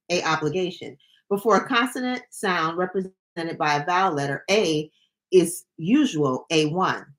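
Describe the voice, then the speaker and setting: A young woman hosting a livestream, reading dictionary entries aloud and breaking in with jokey, playful asides. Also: lowish voice. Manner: animated, jokey asides between read definitions.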